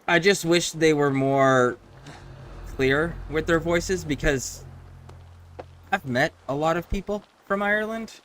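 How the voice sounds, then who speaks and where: A man's voice: on the high side, takes it slowly, long pauses, fairly bright tone, slight background noise. A man streaming a video game, talking casually and rambling through his thoughts with frequent restarts. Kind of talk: casual gameplay commentary.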